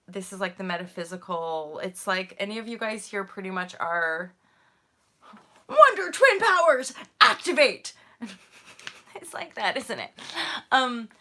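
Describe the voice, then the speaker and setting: A woman's voice: medium pitch, sharp tone. A woman chatting casually on a spiritual livestream, rambling, swearing freely and mocking herself. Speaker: spiritual vlogger.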